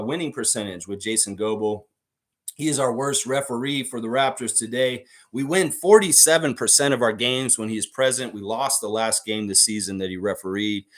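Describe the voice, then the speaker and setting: Brief: male live-stream sports host, lively swooping pitch, profane and ranting, reads chat comments aloud. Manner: animated, profane, mocks fans with whiny high baby voices. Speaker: podcast host.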